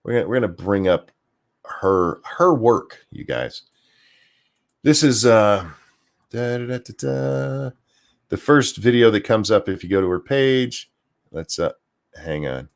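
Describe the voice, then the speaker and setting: Guy ranting on a commentary stream, low voice that swings up and down a lot, sarcastic, swears, trips over his words. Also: animated, a little slow. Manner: sarcastic, profane, stammering restarts. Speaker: commentary channel host.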